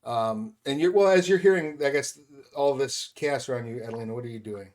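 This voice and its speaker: Man, game master, relaxed narration with lots of ums, mid pitch, tabletop game. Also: a little fast. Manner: loose, filler-heavy, laughs easily.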